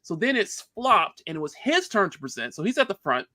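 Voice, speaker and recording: Excitable man with a bright voice. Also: high-pitched, a little fast, dry recording. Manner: excitable, animated storyteller. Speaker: game developer. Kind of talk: casual podcast chat.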